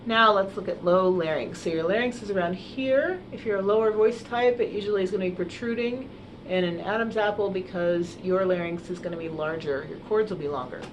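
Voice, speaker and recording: A woman voice teacher explaining singing technique in a relaxed way, with many fillers, and sometimes singing the exercises herself. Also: mid-range voice, fairly quick, a little hiss or hum. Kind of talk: singing lesson. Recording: piano playing along.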